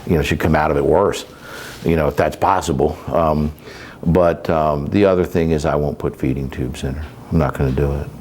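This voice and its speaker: A man's voice: rumbling low, steady tone, brisk, a little mellow. A middle-aged man, a caregiver, talks plainly in an interview, rambling with many fillers and restarts as he tells stories. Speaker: caregiver and sales coach. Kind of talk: candid interview storytelling. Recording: faint background noise.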